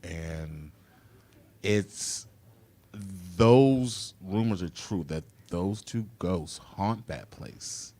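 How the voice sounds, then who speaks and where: Animated comic man hosting a game show. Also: low-pitched, drawn-out words. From Chicago. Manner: jokey, animated, riffs and laughs at his own jokes.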